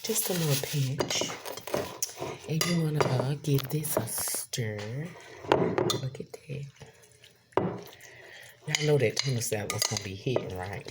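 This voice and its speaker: A woman's voice: rumbling low, slow pace, long pauses, heavy background noise. A woman, chatting casually to viewers while she cooks in her home kitchen. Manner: chatty, addresses viewers as y'all. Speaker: cooking vlogger. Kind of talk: casual cooking vlog.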